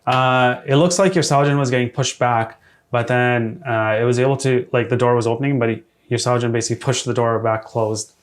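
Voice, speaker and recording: A man as dungeon master running a tabletop game, relaxed and hesitant, with many fillers and frequent laughs. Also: mid-range voice, fairly quick.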